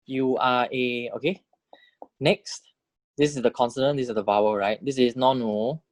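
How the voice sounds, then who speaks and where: A man teaching a recorded lecture, patiently drilling syllables, repeating each one and checking with "right?" while modeling tones with exaggerated pitch jumps. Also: no echo. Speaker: language teacher.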